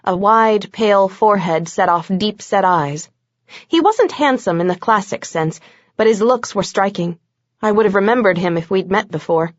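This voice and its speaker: A woman's voice: medium pitch, dry recording. A woman narrating a first-person audiobook with a wry, sarcastic manner. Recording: dull dry lo-fi recording.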